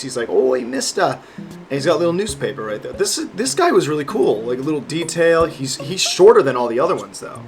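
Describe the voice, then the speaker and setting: A man's voice: fairly high pitch, a bit bright. A young man in his twenties chatting casually as a vlogger, rambling and joking with lots of fillers and swearing. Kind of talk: casual chat.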